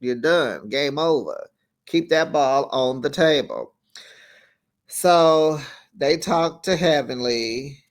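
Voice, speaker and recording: Taking his time, a man with a voice on the high side recaps a reality show for his TV recap channel. He's sassy and chatty, laughing frequently between comments.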